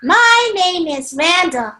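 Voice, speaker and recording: Woman doing a squeaky cheeky monkey puppet, American. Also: very animated, slow, sharp tone, full character voice. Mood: playful.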